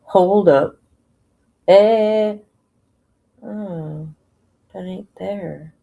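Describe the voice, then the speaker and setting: A woman's voice: medium pitch, extremely slow, creaky, warm tone, poor audio. A woman hosting a casual livestream from home on her phone, rambling and emotional as she talks to her chat. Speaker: livestream host.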